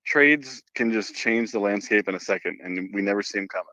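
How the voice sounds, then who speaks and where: A man's voice: lowish voice, fairly quick, sharp tone, dry recording, rough recording. A man who is a podcast guest, chatting casually and swearing now and then. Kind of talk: casual chat.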